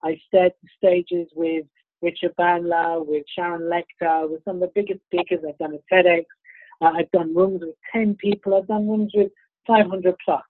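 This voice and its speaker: A sniffly, slightly congested man from the UK gives an upbeat keynote that's part motivation, part self-promotion. He has a high-pitched voice and keeps a moderate pace. The audio sounds like a dry, tinny phone line without echo.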